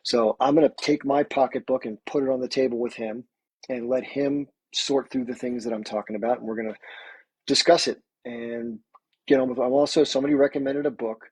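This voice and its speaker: A man's voice: medium pitch, fairly even intonation, fast, a little mellow, breathy edge, no echo, low-quality recording. A man hosting a livestream, talking earnestly and conversationally to his viewers. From United States. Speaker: livestream host. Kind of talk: casual livestream talk.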